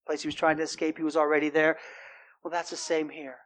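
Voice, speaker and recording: A man's voice: fairly high pitch, level tone, fast talker, fairly bright tone. A male preacher delivering a sermon in a loose, conversational way. He keeps checking in with his listeners with "right?" and shifts into an earnest tone when he quotes scripture.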